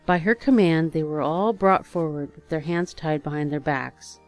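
A woman narrating a fairy tale as a storybook reading, in a measured, expressive way. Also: sits low, soft background music.

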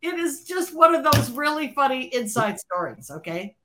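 A fairly high-voiced woman tells a story in an interview. She talks in an animated way, acts out the lines of people in her story, and laughs often. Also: moderate pace, crowd noise. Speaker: interview guest, former record label creative executive.

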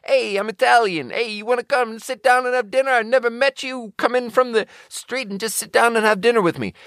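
A man's voice: a little fast, dry recording, clean studio sound. A man putting on an exuberant Italian man who calls strangers in from the street to dinner. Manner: loud, inviting, high-pitched. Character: boisterous welcoming Italian man calling from window.

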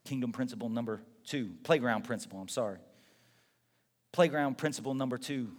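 A man's voice: medium pitch, brisk. A middle-aged man preaching a conversational sermon, firing off rhetorical questions and acting out short quotes. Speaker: pastor. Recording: long hall reverb.

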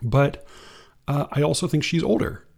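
A man commenting on poetry, reading quotes aloud in a measured, hesitant way. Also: a little high, gravelly, darkish tone. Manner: measured, hesitant, restarts often.

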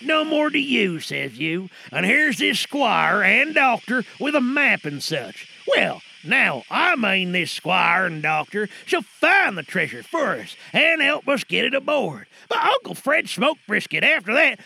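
A man playing a relaxed actor who is voicing a growling pirate captain. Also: high voice, measured pace, vocal fry, hardly any pauses, a little hiss or hum, full character voice. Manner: drawling pirate growl, shrugs off scolding. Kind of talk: comedic sketch acting.

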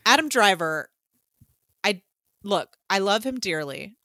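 Woman from georgia gabbing on a podcast, bright voice, dry close sound, lots of ums. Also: medium pitch, expressive, slow, no echo. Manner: chatty, swears freely, many fillers. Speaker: podcast co-host. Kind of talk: casual chat.

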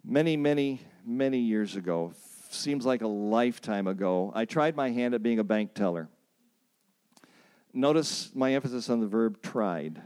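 Emphatic preacher, man, mid-pitched. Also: a little mellow. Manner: emphatic, repeats phrases and asks the audience to say lines back; storytelling with self-deprecating asides. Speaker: preacher leading a workshop. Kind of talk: sermon.

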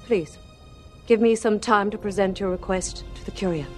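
An actress playing a composed female alien diplomat with a calm, measured, formal manner. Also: mid-range voice, faint music behind, natural voice.

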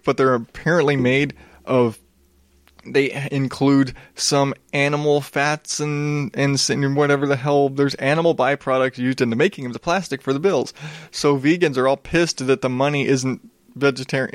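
A man's voice: medium pitch, steady tone, normal speed, dry recording, studio quality. A man hosting a show, ranting about odd news in a sarcastic, swearing way, sniffling now and then. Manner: sarcastic, swears a lot, frequent restarts. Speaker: show host. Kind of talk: profane comedic news rant.

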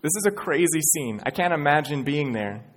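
A man's voice: fairly high pitch, expressive, moderate pace. A man preaching a sermon in an earnest way, building to emphatic peaks. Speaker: pastor. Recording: church hall reverb.

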